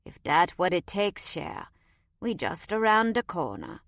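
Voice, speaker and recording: A woman's voice: fairly low pitch, very animated, unhurried, a bit bright, no room sound, studio quality, heavily acted. A woman voicing a friendly, grinning Cajun scout man in his thirties, with a Cajun accent and an easygoing, coaxing drawl, in an audiobook. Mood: amused. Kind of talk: audiobook character voice.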